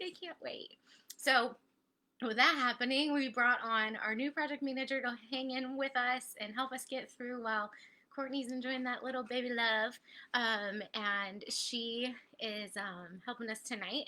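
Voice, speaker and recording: Woman hosting a live coaching stream, bright voice, chatty and upbeat, talks right to viewers. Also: sits high, moderate pace. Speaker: host of online training.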